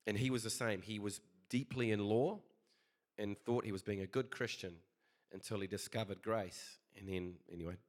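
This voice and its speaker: A man's voice: lowish voice, steady tone, moderate pace. A man preaching a casual sermon, chatty and conversational, telling a story with many fillers.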